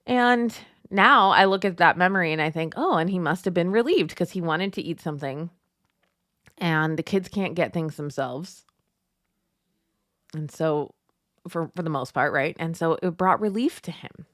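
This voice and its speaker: A woman in her thirties hosting a devotional show, talking casually and telling family stories with lively retellings. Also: lowish voice, dry recording, studio quality. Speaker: podcast host.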